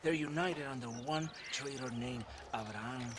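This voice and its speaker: A man's voice: mid-range voice, moderate pace, lightly acted. A man playing a menacing army captain. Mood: brooding. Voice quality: theatrical, drawling menace. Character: smooth corrupt Mexican army captain, menacing. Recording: game audio with loud background noise.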